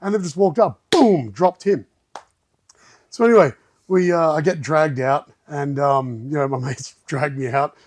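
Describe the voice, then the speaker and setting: A man telling a story as a podcast guest, animated and acting out other people's lines. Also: a little high, a little slow. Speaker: guest, martial arts gym owner. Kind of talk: casual storytelling in a podcast chat.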